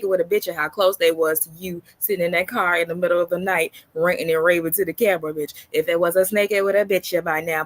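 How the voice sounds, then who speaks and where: A woman's voice: on the low side, fairly bright tone. Blunt, mocking woman reaction host. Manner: blunt, mocking, profane, calls listener "baby" and "girl". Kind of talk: casual reaction commentary.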